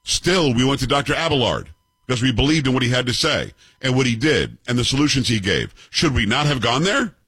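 Husky guy in his 50s ranting over clips, sarcastic, voice jumps all over, dry close sound. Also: mid-range voice, very animated, a little fast, a bit bright, dry recording. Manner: combative, sarcastic, rhetorical questions. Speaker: commentary show host. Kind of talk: opinionated commentary on clips.

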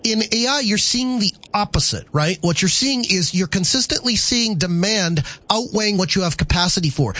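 A man's voice: high voice, fairly bright tone, no room sound. A man hosting a call-in radio show, thinking aloud and restarting his sentences as he works through answers. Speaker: radio talk show host.

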